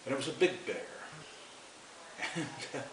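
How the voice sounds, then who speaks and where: A man's voice: mid-range voice, expressive, takes it slowly, a crowd in the background. A man telling a long story in a rambling, folksy way, chuckling as he goes. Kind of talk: casual spoken storytelling. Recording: roomy, distant, noisy home recording.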